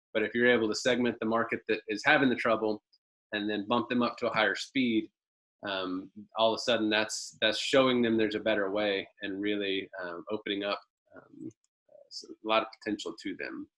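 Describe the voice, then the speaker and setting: A man's voice: lowish voice, fairly bright tone, rough recording. A man presenting a marketing webinar over a video call, telling a folksy story with lots of ums and uhs.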